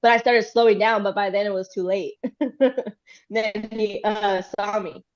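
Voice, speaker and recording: A woman hosting a podcast, chatting casually and telling animated stories with frequent laughter. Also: mid-range voice, unhurried, muffled recording. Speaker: podcast host. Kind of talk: casual chat.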